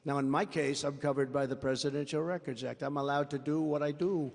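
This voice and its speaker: Man, rally speech, rambling and boastful, high voice, long hall reverb. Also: fairly even intonation, a little fast, vocal fry, darkish tone. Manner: rambling, boastful, with off-the-cuff asides to the crowd. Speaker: political candidate at a campaign rally. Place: large rally venue before a crowd.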